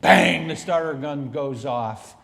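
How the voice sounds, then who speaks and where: Male motivational speaker, animated storytelling, unhurried pacing, conference-hall reverb. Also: on the high side, creaky. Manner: emphatic and animated, swings between loud and hushed. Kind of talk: storytelling keynote speech.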